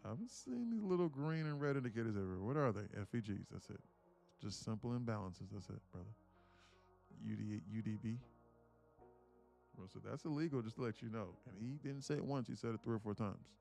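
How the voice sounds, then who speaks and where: A man's voice: medium pitch, lively intonation, fairly quick, gravelly, a little mellow, faint music behind. A man hosting a live day-trading stream, chatting casually, laughing often and repeating words as he thinks. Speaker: day-trading livestream host.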